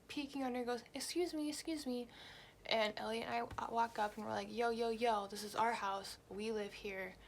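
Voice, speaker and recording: A young woman vlogger tells a story in a blunt, animated way and swears freely. Her voice has a gravelly, fry-heavy texture. There is a faint hiss in the background. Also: medium pitch. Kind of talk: storytime vlog.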